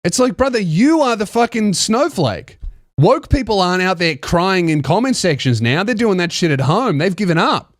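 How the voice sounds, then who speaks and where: A man's voice: high voice, sing-song, moderate pace, no room sound. A young man hosting a podcast, ranting in a sarcastic, mocking, profane comedic monologue into a close mic. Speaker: podcast host.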